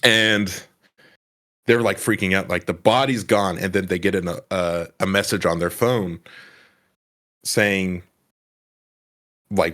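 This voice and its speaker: A man with a very low voice, chatting on a podcast as the guest. He tells his story with lively energy and acts out bits of dialogue as he goes. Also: a little slow. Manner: animated storytelling, acts out lines. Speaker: podcast guest, comedy sketch creator. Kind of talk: casual podcast chat.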